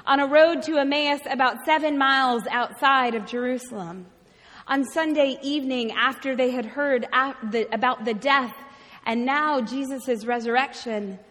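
A woman preaching a sermon, telling a story expressively with dramatic pauses and repetition. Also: high-pitched, fairly bright tone. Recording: long reverb from a large hall.

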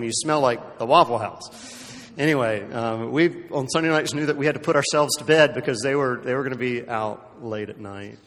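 A male pastor delivering a sermon in a church sanctuary, his voice carrying a long reverb through the hall. He builds to loud, emphatic peaks and then sinks to hushed, almost whispered lines. Between those swings he talks in a conversational way, with frequent restarts and asides. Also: medium pitch.

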